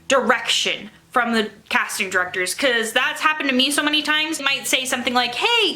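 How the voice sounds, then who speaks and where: A woman's voice: high voice, sharp tone. A young woman, a theatre vlogger, giving upbeat, emphatic audition advice straight to camera. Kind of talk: casual advice vlog.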